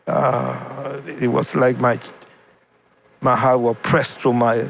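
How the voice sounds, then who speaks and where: A man, an evangelist guest, telling his personal testimony haltingly, repeating and restarting words with deep feeling. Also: level tone, vocal fry, slight background noise.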